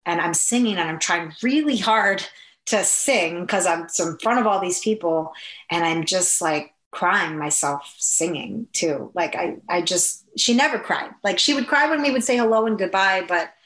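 A woman from the Upper Midwest of the US, telling an emotional personal story as an interview guest, earnest, with halting restarts. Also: lowish voice, animated, fairly bright tone, roomy sound, rough recording.

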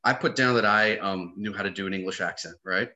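A man's voice: deep voice, a little fast, sharp tone, lo-fi sound. A man who works as an actor and comedian, a podcast guest telling stories with animation and casual swearing. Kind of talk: casual conversation.

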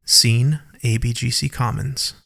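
A man giving slow, deliberate scripted narration for an audio drama. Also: medium pitch, fairly even intonation, gravelly, fairly bright tone.

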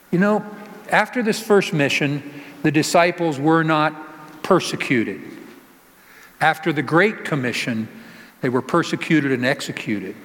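A man's voice: a little high, unhurried, a bit bright. A male pastor giving a conversational sermon, asking the congregation rhetorical questions and joking with them. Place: church sanctuary. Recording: long reverb of a church hall.

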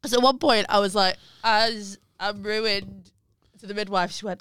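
A woman's voice: mid-range voice, steady tone, moderate pace, a bit bright, clear, resonant tone, no echo, studio quality. A woman comedian telling blunt, laughing stories in casual podcast chat.

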